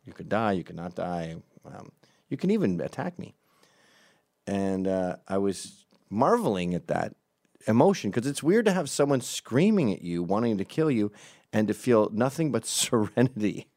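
A man's voice: lowish voice, very animated, normal speed, darkish tone. A middle-aged man from Scotland telling a crude, rambling comic story at home at night.

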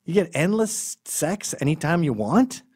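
A man's voice: fairly high pitch, a little slow, breathy edge. Profane, rambling male storyteller. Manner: rambling, profane, deadpan asides. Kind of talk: comedic storytelling monologue.

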